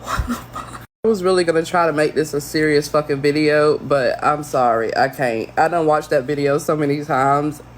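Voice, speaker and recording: A woman's voice: low voice, fairly even intonation, moderate pace, hardly any pauses, a little hiss or hum. Woman laughing through swear-filled reactions. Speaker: reaction video host. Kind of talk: casual reaction commentary.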